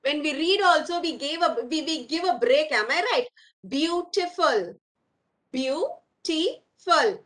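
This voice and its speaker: Teaching English online to young primary pupils, this woman addresses them as "my dear children" and repeats words slowly for them. She has a high voice with a fairly bright tone, captured in a low-quality recording.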